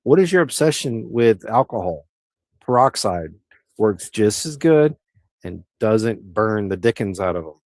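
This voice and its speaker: Easygoing low-voiced man. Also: expressive, measured pace, a little mellow, no room sound. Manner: rambling, easygoing, with frequent restarts. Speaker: livestream host. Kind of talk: casual livestream chat answering viewer comments.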